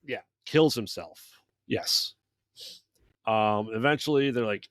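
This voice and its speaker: A man's voice: mid-range voice, a little slow, a bit bright, dry recording, studio quality. A man co-hosting a podcast, recapping a bad movie in loose casual chat and acting out characters' lines along the way. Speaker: podcast co-host.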